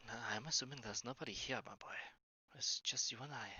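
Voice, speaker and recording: A man's voice: fast talker, bright, forceful tone, breathy edge, dry recording, lo-fi sound. A man voicing a scholarly older vampire hunter who keeps to himself and mutters under his breath. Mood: dry. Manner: mumbling, low and muttering.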